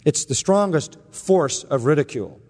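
A man's voice: on the high side, expressive, normal speed, darkish tone, big-room sound. A man preaching an expository sermon, emphatic and sarcastic, building in intensity as he drives his points home. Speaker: pastor.

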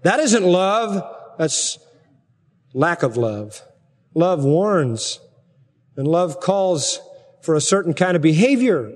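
A man preaching a sermon as pastor, emphatic, with forceful rhetorical peaks. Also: on the high side, sing-song, takes it slowly, long pauses. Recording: long hall reverb.

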